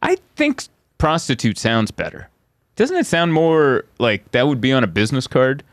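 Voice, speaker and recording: A man's voice: mid-range voice, sing-song, normal speed, no echo. A man, a comedian hosting a podcast, riffing and joking in casual chat and laughing often.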